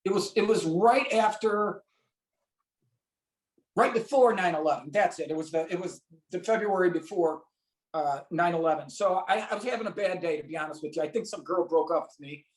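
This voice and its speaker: A man's voice: high-pitched, normal speed. Roomy-sounding man telling a story. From St. Louis, USA. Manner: animated storyteller acting out quotes. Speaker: guest. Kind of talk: storytelling in an interview. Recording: roomy echo.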